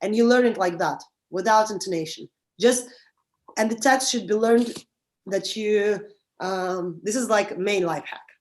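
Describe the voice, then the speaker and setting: A young adult woman with a Russian accent, speaking English in a casual interview as a director and actress, halting and restarting as she explains. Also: medium pitch. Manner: halting, restarts often, animated advice.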